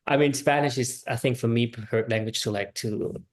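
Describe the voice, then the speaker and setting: A man's voice: medium pitch, brisk. Male guest with a subtle mixed accent. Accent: slight Swiss German and Vietnamese mix. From Switzerland. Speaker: podcast guest, dancer. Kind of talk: casual interview chat.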